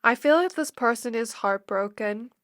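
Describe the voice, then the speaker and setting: A woman reading tarot cards for viewers, talking in a soft, intimate and emotional way, close to tears. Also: a little high, moderate pace, no room sound. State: teary, close to crying. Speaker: tarot reader. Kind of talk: pick-a-card tarot reading.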